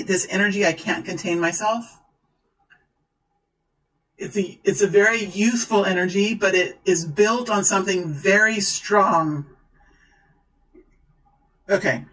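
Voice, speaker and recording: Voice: mid-range voice, poor audio. A tarot reader talking to viewers during a card reading, gushing and exclaiming. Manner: excitable, exclaims and gushes.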